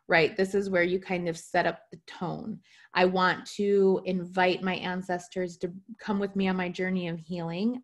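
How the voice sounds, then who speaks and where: A woman teaching a spiritual class online over a video call. She talks casually, often checks in with her listeners, and jokes at her own expense. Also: fairly low pitch. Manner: light self-mocking humor.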